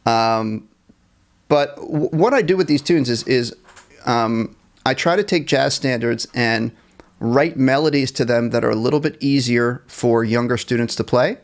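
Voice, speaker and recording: A man's voice: mid-range voice, a little slow. Upbeat man teaching a live jazz class. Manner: upbeat and encouraging, counts off and scats melodies; self-deprecating about small mistakes. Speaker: music teacher.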